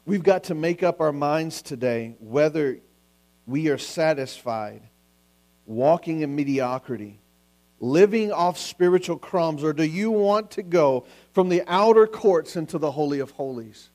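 A man's voice: fairly high pitch, animated, measured pace, darkish tone. A man preaching a sermon as pastor, earnest and full of repeated questions.

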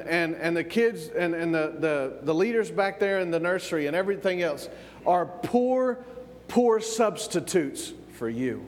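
A high-voiced man from the American South delivers a sermon in church, his voice carrying a big-room sound. Building momentum, he repeats words and asks the congregation for amens.

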